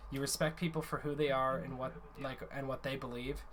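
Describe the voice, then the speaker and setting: A man's voice: mid-range voice, level tone, fairly quick, noisy background. A man in a casual voice chat, earnestly explaining a gaming community's conduct rules at length, often restarting his sentences.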